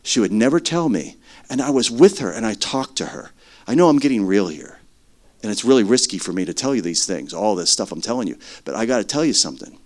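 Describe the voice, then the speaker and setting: A middle-aged man preaching a sermon as earnest testimony, swinging between loud stretches and hushed ones. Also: fairly low pitch, expressive, fast talker.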